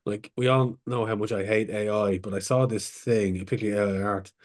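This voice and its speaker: A man's voice: fairly low pitch, steady tone, brisk, darkish tone. A man co-hosting a podcast, putting an easygoing question to his co-hosts in casual chat. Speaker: podcast co-host.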